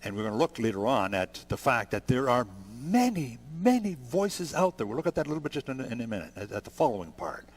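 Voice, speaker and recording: A man in his sixties preaching a sermon, conversational and gentle, building to emphatic peaks. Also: mid-range voice, sing-song, fast talker, few pauses. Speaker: pastor.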